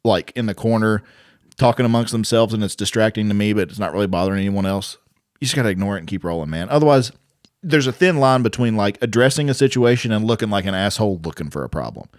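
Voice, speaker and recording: Low-voiced young man, dry close sound. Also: expressive, quick pace, dry recording. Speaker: podcast co-host, aspiring comedian. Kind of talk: casual chat.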